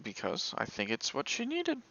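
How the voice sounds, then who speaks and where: A man voicing a calm, knowing female witch who sees past and future. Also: a little high, normal speed, gravelly, dull audio, pitched above the performer's own voice, full character voice. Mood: cryptic. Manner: calm, knowing, gently teasing. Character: cryptic pale witch, woman, calm seer.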